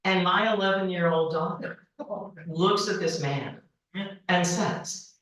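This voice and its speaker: At a banquet, a woman in her forties gives a funny storytelling speech, taking it slowly and animatedly acting out the people in her tales with high-pitched voices. The hall is echoey and her voice sounds far off.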